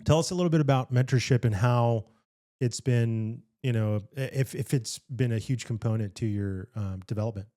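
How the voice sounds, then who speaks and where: A man's voice: medium pitch, normal speed, warm tone. A man hosting a podcast interview, asking questions in a laid-back, friendly way. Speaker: podcast host. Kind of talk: casual interview chat.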